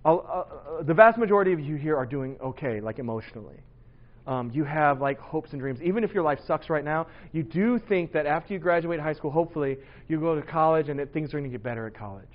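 A pastor in his forties preaches to a youth group in a chatty way, with a voice a little higher than most men's. He acts out the scenes with his kids and laughs a lot. The recording sounds dull and lo-fi. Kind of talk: sermon to teenagers.

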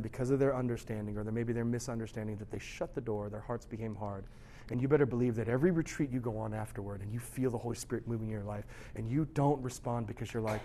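A young adult man preaching a sermon to a youth group as their pastor. He moves between hushed, low stretches and loud, intense ones, and acts out quoted thoughts by repeating them.

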